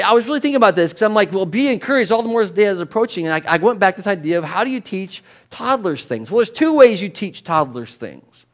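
A middle-aged man preaching a sermon to a congregation, animated and jokey, acting out little voices of people as he tells stories. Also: high voice. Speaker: pastor. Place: church in front of a congregation.

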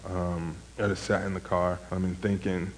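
A man's voice: low-pitched, little pitch movement, normal speed, darkish tone, in a large hall, a little hiss or hum, low-quality recording. A young man, a former camp counselor, giving a casual sermon testimony in a rambling way, full of "like" and "um". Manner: rambling, heavy use of "like" and "um".

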